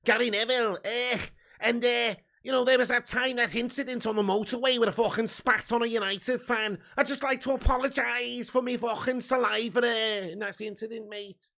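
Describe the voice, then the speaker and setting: A man putting on an impression of a foul-mouthed male football pundit, loud and rambling. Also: extremely high pitch, steady tone, normal speed, few pauses, pitched above the performer's own voice, exaggerated voice. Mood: brash.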